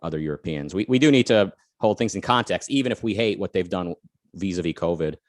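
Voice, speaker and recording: A man's voice: low-pitched, animated, fast, dry recording, clean studio sound. An American man co-hosting a talk show, chatting casually with many fillers and restarts and reading out viewer comments. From United States. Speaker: podcast co-host.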